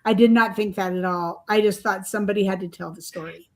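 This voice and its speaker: A woman's voice: mid-range voice, fairly even intonation, fast, darkish tone. An older woman, an author and guest, telling her story in a rambling, chatty way full of fillers and small laughs. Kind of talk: podcast interview storytelling.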